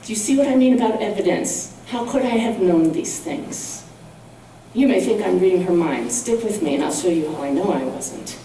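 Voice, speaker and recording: A woman's voice: on the low side, lively intonation, normal speed, dark tone, slight background noise. A middle-aged woman, a guest speaker and medium, telling stories earnestly to a congregation. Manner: earnest, storytelling. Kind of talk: storytelling talk to a congregation. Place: large hall at a spiritual centre. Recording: echoey hall from far off.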